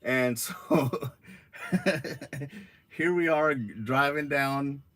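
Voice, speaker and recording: A man's voice: mid-range voice, extremely slow, fairly bright tone, dry recording. A man from Arizona telling rambling stories on a casual live stream into his phone, laid-back and swearing freely.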